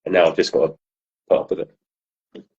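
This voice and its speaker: A man's voice: normal speed, a little mellow, lo-fi sound. A man from southern England chatting casually as a podcast co-host, telling laughing stories and swearing freely. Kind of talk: casual chat.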